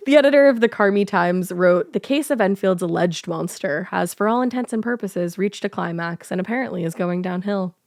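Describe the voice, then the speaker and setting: A woman's voice: medium pitch, brisk, hardly any pauses, darkish tone, dry recording, clean studio sound. A woman co-hosting a podcast, telling a cryptid story casually while laughing and riffing with her co-host. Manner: laughing, reading quotes, riffing.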